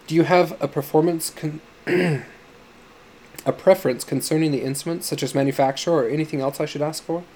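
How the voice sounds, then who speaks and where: A man voicing an eager, obsequious male hotel manager in an audiobook story, smooth and accommodating. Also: a little high, fairly even intonation, a little fast, darkish tone, slight background noise, lightly acted.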